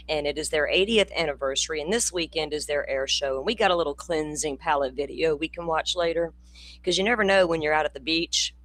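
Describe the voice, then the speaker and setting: A woman's voice: low voice, dry recording. Chatty woman, older. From Florida. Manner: chatty, laughing, swearing, addresses viewers by name. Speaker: true crime channel host. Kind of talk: casual livestream chat.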